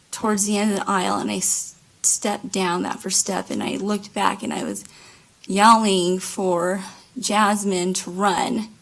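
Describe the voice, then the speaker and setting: A woman testifies from the witness stand in a courtroom, speaking slowly and haltingly. Her voice has a gravelly, creaky texture, and she often pauses on fillers and starts her sentences again. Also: medium pitch, low-quality recording. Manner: halting, many fillers and restarts. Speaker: trial witness. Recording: courtroom microphone.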